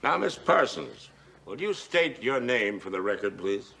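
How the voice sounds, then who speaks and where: An actor playing a shrewd district attorney in a 1980s TV crime drama, taunting a suspect and questioning witnesses in court. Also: male voice, fairly low pitch, sing-song, unhurried, gravelly, pushed and bright, a little hiss or hum, heavily acted. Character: shrewd older male district attorney, blunt. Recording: TV soundtrack with music behind.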